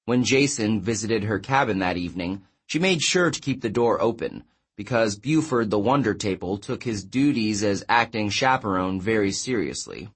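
A man reading a novel aloud as audiobook narrator, in a measured, even storytelling manner. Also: fairly low pitch, slightly rough. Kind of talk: scripted narration.

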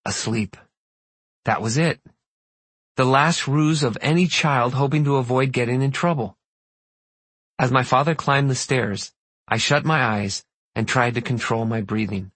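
Male audiobook narrator, first person, husky, dry close sound. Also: medium pitch, measured pace, pauses often, a bit bright, no room sound.

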